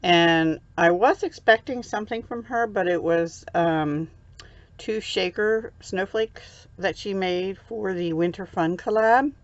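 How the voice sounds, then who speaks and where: A middle-aged American woman chats casually on her crafting vlog while unboxing handmade cards at home, gushing and easily moved. Her voice is medium in pitch and her pace slow, though the recording is muffled.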